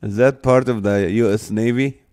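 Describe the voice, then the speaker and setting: A man's voice: lowish voice, fairly even intonation, a little mellow. A man hosting a live stream, reading viewer comments aloud and laughing often, at times to tears. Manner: slow, drawn-out delivery.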